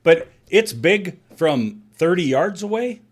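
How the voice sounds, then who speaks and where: A man's voice: sits high, very animated, slow pace. A man from South Dakota co-hosting a casual sports podcast, telling stories bluntly and swearing freely. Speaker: podcast co-host.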